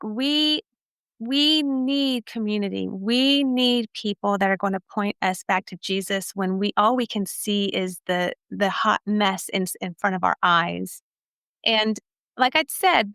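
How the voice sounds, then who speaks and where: A woman's voice: mid-range voice, creaky, a bit bright, clean tone, no echo, clean studio sound. A woman from Texas, a podcast guest telling her life story in an earnest, emphatic way. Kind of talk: personal testimony storytelling.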